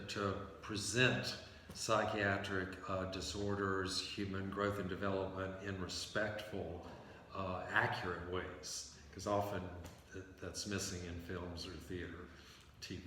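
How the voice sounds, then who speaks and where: Low-voiced man in an echoey room. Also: level tone, measured pace, sharp tone, far from the mic. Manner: explains with acted-out example sentences. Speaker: novelist and playwright guest. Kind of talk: conversational interview. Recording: echoey room from afar, faint hiss.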